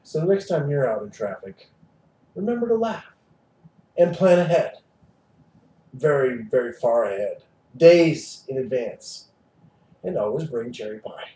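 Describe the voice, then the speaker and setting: Slow mellow fake news anchor doing improv, dead serious bit, echoey stage, mic far off. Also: mid-range voice, very animated, a little hiss or hum. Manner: slow, mock-earnest anchor delivery. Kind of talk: improv comedy news parody.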